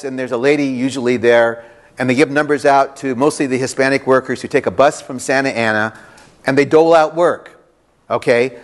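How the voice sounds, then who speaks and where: A man preaching a sermon to a congregation, reading scripture and explaining it in an animated, conversational way with playful teasing. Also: a little high. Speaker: pastor. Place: church before a congregation.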